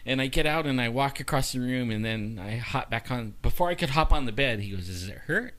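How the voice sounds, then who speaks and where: A man's voice: mid-range voice, moderate pace, long pauses. A man telling a personal story in casual chat, acting out the lines of the people in it and filling with "you know". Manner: animated, acts out dialogue with many "you know" fillers. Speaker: guest.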